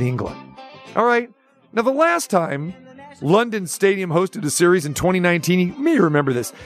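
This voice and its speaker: A man hosting a sports radio show, ranting with sarcastic mock questions in an animated, opinionated way. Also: a little high.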